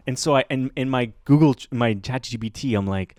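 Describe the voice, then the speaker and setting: A man tells a story on a podcast, wandering through it with lots of "like" and restarts. His voice sits at a middle pitch. It is recorded dry and close, with no room sound. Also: fast talker, few pauses, no room sound. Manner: rambling, filler-heavy, animated retelling. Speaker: podcast host. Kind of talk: casual storytelling chat.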